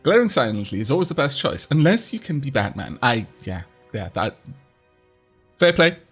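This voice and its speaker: A man's voice: mid-range voice, big pitch swings, moderate pace, fairly bright tone, slightly rough, soft background music. A man commentating his game stream, rambling and chuckling as he reads chat aloud. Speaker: gaming streamer.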